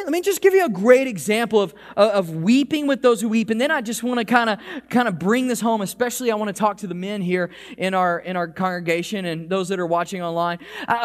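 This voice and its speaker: A man preaching a sermon to his congregation, animated, with frequent restarts and repeated words. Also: high-pitched. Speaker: pastor. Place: church. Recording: hall reverb.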